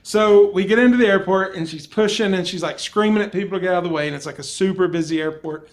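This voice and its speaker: High-pitched middle-aged father, animated storyteller guest, studio podcast. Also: quick pace. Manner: animated, laughing as he tells funny travel stories. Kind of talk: casual storytelling.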